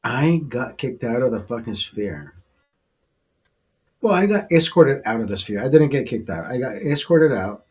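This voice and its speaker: A man's voice: medium pitch, animated, normal speed, a little mellow. A man hosting a live stream who tells a rambling, profane story in casual chat, laughing often and repeating himself. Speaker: show host. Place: studio.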